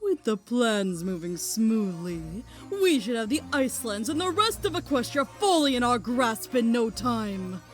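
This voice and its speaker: A woman voicing a commanding villain queen who plans an invasion in a fan audio drama, with an imperious, brisk manner. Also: a little high, sing-song, faint music behind.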